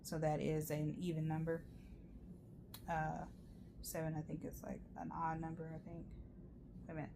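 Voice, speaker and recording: A woman's voice: deep voice, monotone, normal speed, vocal fry, long pauses, background noise. A woman giving a rambling, chatty tarot reading, full of fillers and asides. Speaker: tarot reader. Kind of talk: casual tarot reading monologue.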